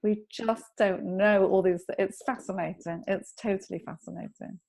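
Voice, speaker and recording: A woman guest on a podcast, calmly explaining a self-help technique and telling anecdotes in an instructive way. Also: mid-range voice, normal speed, vocal fry. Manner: calm, instructive, tells anecdotes. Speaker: EFT tapping practitioner, guest. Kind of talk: explaining in an interview.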